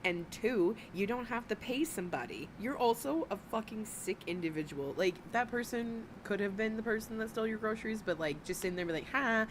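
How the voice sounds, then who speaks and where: A woman's voice: medium pitch, animated, fairly quick, few pauses, noisy background. A woman giving mocking, sarcastic reaction commentary on a streamer's clips.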